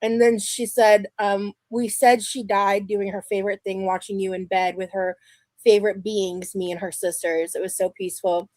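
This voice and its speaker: Young woman, live-stream chat, halting and rambling, mid-pitched voice, dry close sound. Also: flat delivery, darkish tone, dry recording. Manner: rambling, halting, with many restarts and fillers.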